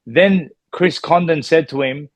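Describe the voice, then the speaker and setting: A man's voice: fairly high pitch, measured pace, no room sound. An Australian man, a former boxer, giving a heated, emphatic reaction in an interview. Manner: indignant, emphatic, keeps repeating "mate". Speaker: former boxing world champion, guest.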